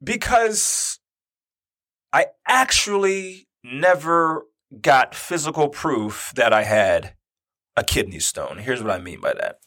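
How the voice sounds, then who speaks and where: A man's voice: medium pitch, slow. A man in his thirties telling a personal story in casual talk, acting out the quoted dialogue. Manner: animated, acts out quoted dialogue.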